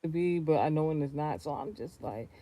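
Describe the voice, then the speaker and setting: A man venting in a casual, rambling rant, profane and animated, with lots of restarts and sudden loud high outbursts. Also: fairly quick. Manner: swings between low mutters and loud high outbursts. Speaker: vlogger.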